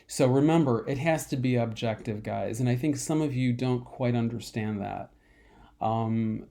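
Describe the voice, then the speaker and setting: A man teaching a college math lecture in a slow, repetitive way, often clearing his throat and coughing from a dry throat. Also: medium pitch, dark tone. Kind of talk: recorded online lecture.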